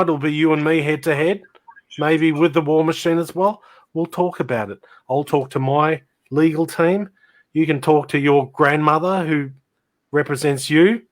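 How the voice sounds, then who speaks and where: A man hosting a comedy live stream, teasing and mock-dramatic. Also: on the high side. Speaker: stream host.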